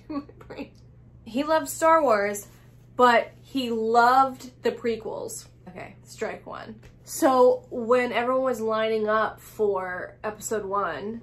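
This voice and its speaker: A woman host spins a true crime story as casual comedy, stopping often for crude, sarcastic asides. She talks at an unhurried, drawn-out pace, with a voice sitting in an ordinary middle range. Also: mid-range voice, fairly bright tone, slight background noise.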